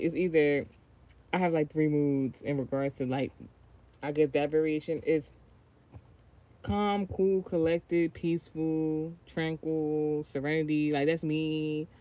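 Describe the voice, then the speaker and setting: This American tarot reader's voice sits low with a warm tone as she chats casually on her livestream. She meanders and swears without restraint, frequently trailing off and picking back up.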